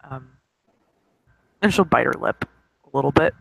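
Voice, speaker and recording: A man playing a tabletop role-playing game, describing his character's actions in a halting way. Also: medium pitch, animated, gravelly, a bit bright, husky, no echo, rough recording. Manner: halting, full of fillers. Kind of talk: tabletop role-play narration.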